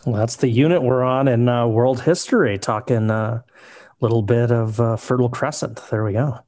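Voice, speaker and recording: A man co-hosting a sports podcast who also teaches history, talking in an easygoing, slightly halting way. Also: medium pitch, darkish tone, dry recording. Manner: easygoing, a bit halting, many fillers. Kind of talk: casual sports podcast chat.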